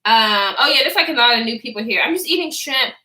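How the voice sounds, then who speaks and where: A woman's voice: a little high, expressive, fast talker, noisy background. A woman in her twenties telling a casual story to her live chat, blunt and profane, chatting back to the viewers as she goes. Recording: echoey room.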